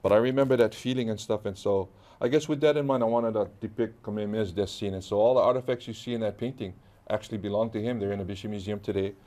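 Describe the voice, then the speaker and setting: A middle-aged guest artist from Hawaii tells stories animatedly in a casual interview, acting out the dialogue in a Hawaiian accent. His voice is lowish and warm with fairly even intonation. He talks fast, with few pauses.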